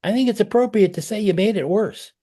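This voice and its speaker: A man's voice: high voice, fairly quick, dark tone. A middle-aged man coaching a parent over a video call, talking conversationally and acting out example phrases.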